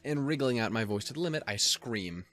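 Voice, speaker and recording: A man's voice: mid-range voice, expressive, brisk, a bit bright, slight background noise. A young man hosting a let's play, swearing and joking as he reads the game text aloud. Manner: crude, joking, swears a lot. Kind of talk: casual game commentary.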